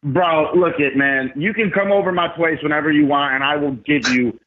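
A man telling stories as a podcast guest, animated and emphatic, with slangy casual talk. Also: a little high, moderate pace, slight background noise. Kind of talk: casual storytelling. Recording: tinny phone-like remote line.

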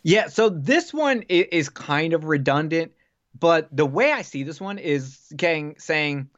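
A man chats casually on a podcast, spinning long rambling stories and swearing freely. His voice sits a little high. The recording sounds dull and lo-fi. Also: moderate pace. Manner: rambling, profane, animated storyteller. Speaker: podcast guest. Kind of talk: casual storytelling chat.

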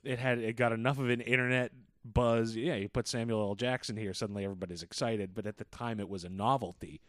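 A man's voice: mid-range voice, fast, dry recording. A man co-hosting a podcast tells stories with a foul mouth and plenty of energy. He sits close to the mic, and the sound is very dry. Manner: profane, animated storyteller. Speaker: podcast co-host. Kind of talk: casual chat.

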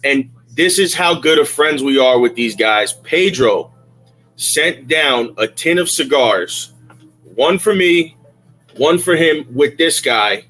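A man co-hosting a casual podcast chat, adding upbeat recommendations and shout-outs. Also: mid-range voice, expressive, takes it slowly, soft background music, low-quality recording. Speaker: podcast co-host.

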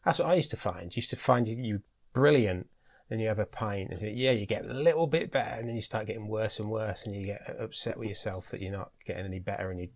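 A man's voice: on the low side, fast talker. A British man hosting a podcast in casual chat, talking in a chatty way and often repeating words as he thinks. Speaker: podcast host.

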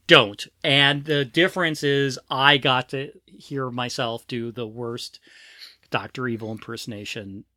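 Bright-voiced, self-deprecating podcast host. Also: medium pitch, fairly even intonation, a little slow, dry recording, clean studio sound. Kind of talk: casual podcast chat.

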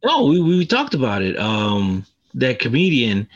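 A young man co-hosting a podcast in casual chat, excitable and repeating himself. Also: medium pitch, unhurried, muffled recording. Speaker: podcast co-host.

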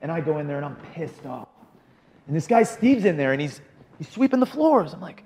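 A man's voice: a little high, fairly quick, big-room sound. A man telling his recovery story in a casual chat, acting out the people he quotes. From Arizona. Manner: animated, quotes people in voices. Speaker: podcast guest in recovery.

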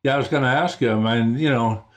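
A man's voice: mid-range voice, fast. A man in a mid-range voice hosts a casual interview. He mostly listens, reacting briefly before asking his next question.

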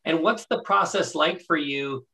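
A man's voice: fairly high pitch, measured pace, bright, forceful tone, low-quality recording. A man hosting a podcast interview, enthusiastic, asking long rambling questions full of restarts. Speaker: podcast host. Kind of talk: casual interview talk.

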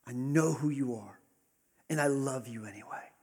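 Gentle forgiving Jesus quoted by a male pastor, hushed, husky, in a ringing hall. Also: medium pitch, normal speed. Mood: tender. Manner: soft, hushed, at times whispered. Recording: long reverb of a large hall.

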